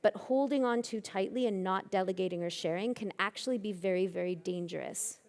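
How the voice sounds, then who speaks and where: A woman's voice: mid-range voice, a little fast, a little mellow. A woman giving a conference talk, telling anecdotes with self-deprecating humor. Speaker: keynote speaker. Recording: long reverb of a hall.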